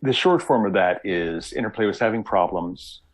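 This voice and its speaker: A man talking as a guest on a casual podcast, telling lively stories and acting out quotes. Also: lowish voice, moderate pace, poor audio. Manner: animated storyteller, acts out quotes. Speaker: guest game designer.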